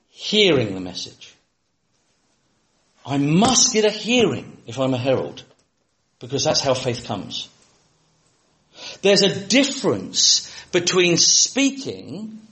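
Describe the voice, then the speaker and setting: Animated British preacher in an echoey room. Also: male voice, medium pitch, moderate pace. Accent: British English. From Britain. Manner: animated, humorous, shouts for comic effect. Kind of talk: lively preaching talk.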